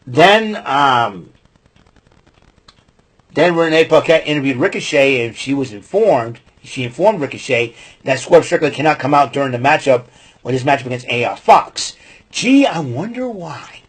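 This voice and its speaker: A man's voice: medium pitch, moderate pace, slightly rough. A man hosting his own podcast, recapping a wrestling show in a rambling, opinionated way with many fillers. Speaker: podcast host.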